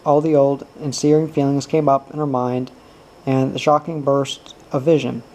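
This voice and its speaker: A man narrating a novel aloud in a steady, even way. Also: mid-range voice, moderate pace, a little hiss or hum, low-quality recording. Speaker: audiobook reader. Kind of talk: novel reading.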